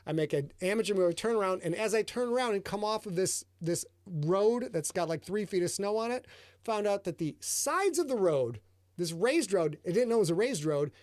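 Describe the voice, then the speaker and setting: A man hosting a live show, telling a profane, animated story about himself. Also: sits high, a little fast, dry recording, clean studio sound. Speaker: host, author.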